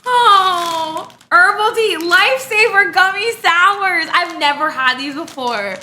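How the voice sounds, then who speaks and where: A young woman streamer, excitable and gushing, swearing freely as she chats casually on a live stream. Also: very high voice, unhurried, noisy background.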